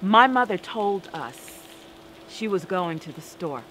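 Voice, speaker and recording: A woman performing a spoken-word story with a deliberate, dramatic delivery and rhythmic repetition. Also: fairly low pitch, big pitch swings, a bit bright, a little hiss or hum, rough recording.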